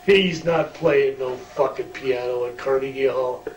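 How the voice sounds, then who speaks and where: A man's voice: mid-range voice, measured pace, lightly acted. A man doing a menacing tough wrestler. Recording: roomy distant mic, faint hum.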